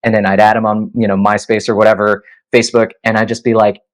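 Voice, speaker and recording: Talking fast in a low voice, a guest musician in his thirties rattles off animated stories during a casual interview. His speech is full of fillers like "you know" and "like," and the recording is rough.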